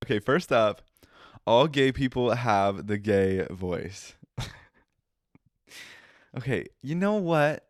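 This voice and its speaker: A young man with a nasal voice hosts a chatty podcast and punches his words with feeling. His pitch sits in an ordinary male middle, and the sound is dry and close, with no room around it. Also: slow pace, pauses often, no echo. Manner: emphatic, expressive, with lots of laughing asides. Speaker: podcast host. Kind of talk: casual chat.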